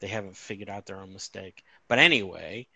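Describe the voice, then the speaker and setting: A man co-hosts a casual podcast, telling his stories in a rambling, amused way and restarting his sentences. His voice is bright and forceful. The recording is very dry, with no room sound. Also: sits low, fairly quick, gravelly, breathy edge, no room sound. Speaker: podcast co-host. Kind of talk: casual chat.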